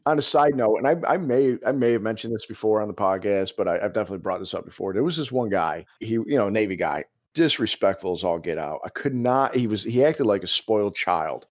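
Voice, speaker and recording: A man co-hosting a podcast, telling a story in a casual, animated way with laughs. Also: fairly low pitch, fast, hardly any pauses. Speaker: podcast co-host. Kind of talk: casual chat. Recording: dull lo-fi podcast audio.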